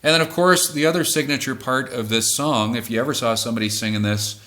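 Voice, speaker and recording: A man who sings in a cover band, calmly explaining how he builds a track, pausing to correct himself as he goes. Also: medium pitch. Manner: measured, thoughtful, self-correcting. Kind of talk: explaining music production.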